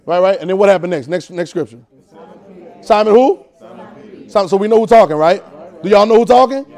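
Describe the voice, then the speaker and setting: A high-pitched male preacher leads a call-and-response sermon. He is animated, repeats his words and keeps asking the congregation questions. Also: a little fast.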